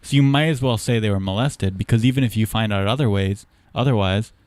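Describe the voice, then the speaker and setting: Deadpan, low-voiced podcast host. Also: male voice, a little fast, dry recording. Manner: deadpan joking, plays along with absurd theories. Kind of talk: casual interview chat.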